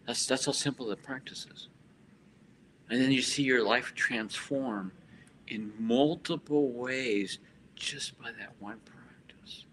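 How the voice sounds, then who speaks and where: A man with a bright, clear voice guides a meditation and chants mantras. He then explains the practice with many restarts and repeated words. A faint hum of noise sits behind him. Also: medium pitch, unhurried, rough recording. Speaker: spiritual teacher. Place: hotel expo hall.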